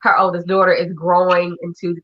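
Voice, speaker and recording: A woman hosting a casual chat, talking in an effusive, animated way. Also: on the low side, brisk. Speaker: host. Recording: dull lo-fi audio.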